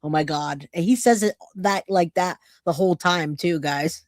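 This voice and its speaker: A woman's voice: on the low side, normal speed, dry recording, clean studio sound. A woman hosting a true crime livestream, chatting casually, laughing and thanking viewers by name. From California.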